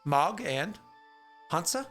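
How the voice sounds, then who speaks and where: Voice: medium pitch, very animated, takes it slowly, fairly bright tone, faint music behind. A game master chatting and joking with players over a voice call, often laughing at himself or herself. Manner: chatty, laughing, self-deprecating. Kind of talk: casual chat over a voice call.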